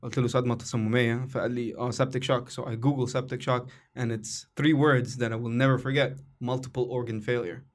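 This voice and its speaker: Young Egyptian male podcast host and comedian; quick, heartfelt, rambling delivery, mid-range voice. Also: mid-range voice, fairly even intonation. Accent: Egyptian Arabic. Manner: emotional, rambling with restarts and laughs. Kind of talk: casual podcast conversation.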